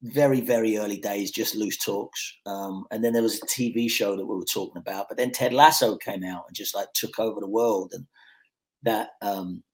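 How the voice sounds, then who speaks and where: A man from Scotland, an actor guest on a podcast, telling stories in a relaxed way with lots of fillers and restarts. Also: fairly low pitch, normal speed. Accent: mixed Scottish and English, Americanised. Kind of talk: casual podcast chat.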